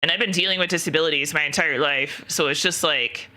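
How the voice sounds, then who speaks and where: A woman streamer chats openly with her viewers in a loose, rambling way, full of fillers and casual swearing. Her voice is very bright and sharp-edged. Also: low voice, quick pace.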